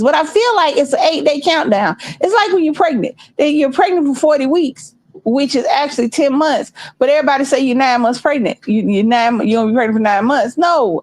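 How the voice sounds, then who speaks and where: A middle-aged woman hosts a livestream, rambling and chatting directly with her viewers in a casual, unscripted way. Her high voice is animated and a little fast, and the recording quality is low.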